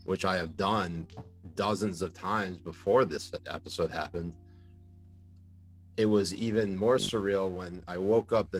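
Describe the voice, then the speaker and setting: A man with a very deep voice tells stories casually as a podcast guest. He is animated and laughs easily, with plenty of fillers. Faint music plays underneath. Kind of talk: casual storytelling in a podcast interview.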